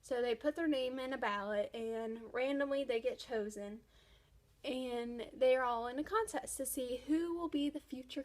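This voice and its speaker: A woman's voice: high-pitched, moderate pace. A young woman vlogging casually about a book series she loves, gushing with enthusiasm. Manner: gushing, enthusiastic fan talk. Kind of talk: casual chat.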